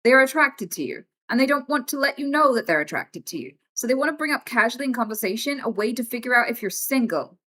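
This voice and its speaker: A young woman chatting on a livestream, blunt and frank with an exasperated edge. Her voice sits fairly high and sounds bright, and it moves up and down a lot as she talks. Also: animated, quick pace, hardly any pauses. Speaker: streamer. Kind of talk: casual livestream chat.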